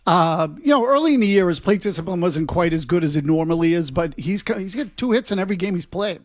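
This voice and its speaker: A man co-hosting a sports talk radio show, playful and quick to laugh at himself. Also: high voice, animated, no echo, clean studio sound.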